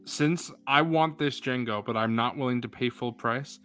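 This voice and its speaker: Guy on a video call stream, teasing his friends, mid-pitched, bantering nonstop. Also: fairly bright tone, clear, resonant tone, faint music behind. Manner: teasing, joking, quick to banter. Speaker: guest on a livestream. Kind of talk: casual chat over a video call.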